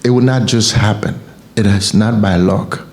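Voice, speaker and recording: Lower-voiced Haitian-accented man preaching. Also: moderate pace, creaky, a little mellow. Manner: emphatic, repeats phrases for effect. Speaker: motivational speaker. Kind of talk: motivational sermon.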